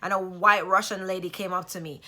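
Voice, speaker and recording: Emphatic woman telling a story, bright tone. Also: on the low side, steady tone, a little fast. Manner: emphatic, with rhetorical asides. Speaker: vlogger. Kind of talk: casual storytelling monologue.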